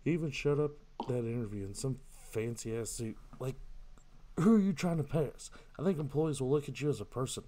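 A man's voice: medium pitch, brisk, warm tone. A man doing let's play commentary, reading in-game texts aloud and answering them with jokes. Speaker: gamer.

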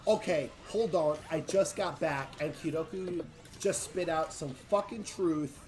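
A man from the United States hosting a casual gaming stream, excitable and tipsy, swearing and bursting into shouts. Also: a little high, unhurried, soft background music.

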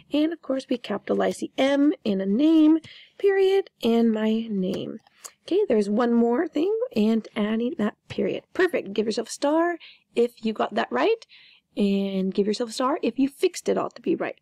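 Playful woman teacher with a gravelly voice. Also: on the high side, warm tone, dry recording. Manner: chatty, playful, repeats words. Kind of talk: online grammar lesson.

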